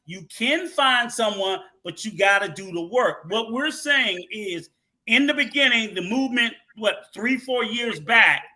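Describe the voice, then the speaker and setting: A man with a very high, sharp and bright voice argues his point on a casual podcast panel. He talks at length and with emphasis.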